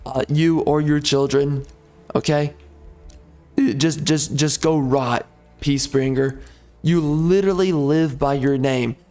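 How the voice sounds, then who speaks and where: A man's voice: on the high side, steady tone, measured pace, mellow, soft background music. A man giving casual gameplay commentary, ranting in a mock-outraged, sarcastic way. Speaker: strategy game YouTuber.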